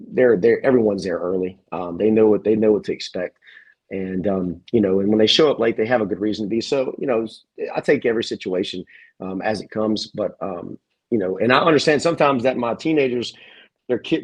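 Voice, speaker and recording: Man, gym owner guest, husky voice, rambling with lots of restarts and fillers. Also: lowish voice, rough recording. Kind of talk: casual interview chat.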